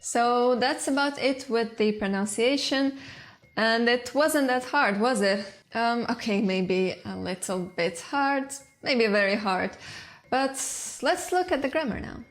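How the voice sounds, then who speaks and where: A woman hosting a language channel, narrating an educational explainer in a clear, lightly playful way. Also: fairly high pitch, a little slow.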